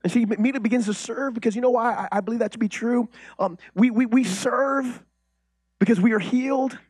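Preaching pastor, male, high husky voice, dry close sound; conversational delivery with loud and hushed swings. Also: brisk, no room sound. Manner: animated, swings from loud declarations to quiet intimate asides; conversational, with frequent restarts and rhetorical questions. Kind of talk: sermon.

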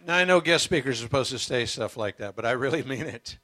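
A man's voice: medium pitch, lively intonation, quick pace, fairly bright tone, no echo. An older man preaching as a guest speaker, earnest and emotional, telling his story with humor. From United States. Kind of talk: sermon.

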